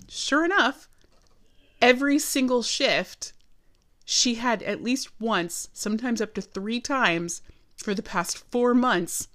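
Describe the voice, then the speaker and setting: A woman telling a personal story to her camera from home. She talks in an animated, chatty way, full of emphatic asides. Her voice sits at a middle pitch. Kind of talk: casual storytelling. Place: her apartment.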